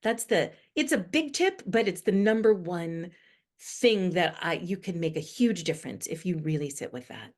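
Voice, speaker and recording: Earnest and animated, a middle-aged woman from the U.S. works through her explanations with rising emphasis as a guest expert on inclusive language in a podcast interview. She speaks at normal speed with a fairly low pitch.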